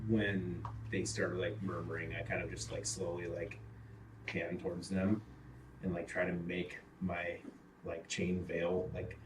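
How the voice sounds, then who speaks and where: A man's voice: low voice, little pitch movement, unhurried, noisy background. A man playing a tabletop game, hesitantly describing what his character does, full of "like" fillers. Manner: hesitant, heavy use of "like" fillers. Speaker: player. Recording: distant mic in a roomy space.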